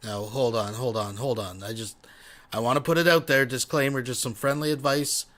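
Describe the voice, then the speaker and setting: A man's voice: medium pitch, fairly even intonation, normal speed, a bit bright. Wry male livestream host. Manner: wry, says "folks" often. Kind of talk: casual livestream commentary.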